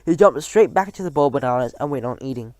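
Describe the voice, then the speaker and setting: A man reading a children's storybook aloud in a lively storytelling manner. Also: mid-range voice, racing, no echo. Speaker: narrator.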